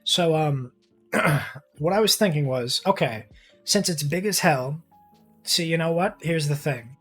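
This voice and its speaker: A young man talks casually to his stream viewers while gaming, his voice sitting a little higher than most men's. He rambles and restarts his thoughts, swears freely and gets excited easily. Faint music plays behind him. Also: a little slow, slightly rough. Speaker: livestreamer.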